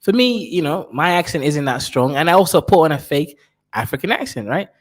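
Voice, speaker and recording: A fairly high-voiced man gives animated, joking commentary as he reacts to a clip. His pitch jumps about, and he talks to a guest in a loose, chatty way. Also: brisk. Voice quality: animated and jokey, with swings in pitch. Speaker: reaction streamer. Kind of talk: casual commentary.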